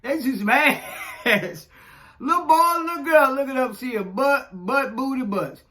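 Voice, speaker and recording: A social media commentator in his 40s rants profanely in casual commentary, chuckling and rambling along. His voice is very high, pushed and bright, and he doesn't hurry.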